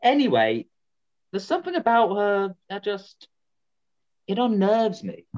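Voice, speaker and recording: A woman's voice: mid-range voice, wildly swooping pitch, a little slow, darkish tone. A woman playing a cocky, lovesick young man in an online student drama. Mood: gossipy. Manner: gossipy, conspiratorial. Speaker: student actor. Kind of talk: online amateur drama over video call. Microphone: video call. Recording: dull lo-fi video call audio.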